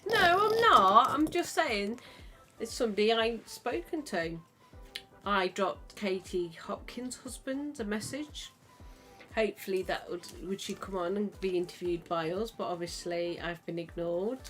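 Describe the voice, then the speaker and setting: A woman's voice: mid-range voice, unhurried, soft background music. A woman hosting a podcast, talking in a chatty, rambling way. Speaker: podcast host. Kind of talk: casual chat.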